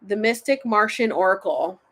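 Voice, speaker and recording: A woman's voice: medium pitch, moderate pace, fairly bright tone, a little hiss or hum. A woman hosting a casual spiritual livestream, chatting and rambling, often losing her thread.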